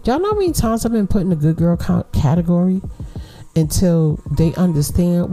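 A middle-aged woman hosts her own podcast with a mellow, warm voice. She talks in a chatty, slangy way and laughs often. Soft music plays faintly behind her. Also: on the low side, animated, normal speed. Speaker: podcast host. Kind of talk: casual advice monologue.

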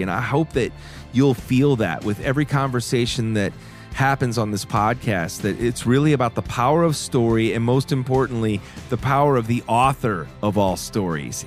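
Earnest man hosting a call-in podcast. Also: medium pitch. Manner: earnest, emotional, slows to a near whisper when moved. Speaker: podcast host. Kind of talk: warm call-in podcast talk.

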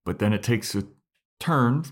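A man's voice: medium pitch, animated, unhurried. A man co-hosting a podcast, casually retelling scenes and acting out the characters' lines. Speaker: podcast co-host. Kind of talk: casual recap chat.

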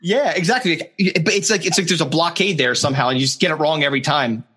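A man hosting a casual chat, animated and profane, acting out what other people said. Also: on the high side, fast, husky. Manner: animated, swears, acts out others' lines.

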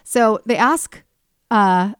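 A woman hosts a casual talk show and retells a story with animated energy, acting out each person she describes. Her voice sits at a middling pitch. The recording is close and dry, with no room echo. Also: very slow, clear, resonant tone. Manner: animated retelling, acts out quoted people with swearing. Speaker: podcast host.

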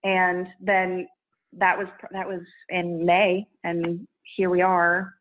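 A woman's voice: fairly low pitch, monotone, slow pace. A woman content creator chatting casually in an interview, rambling with restarts and laughing often. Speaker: social media creator. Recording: tinny phone-like line.

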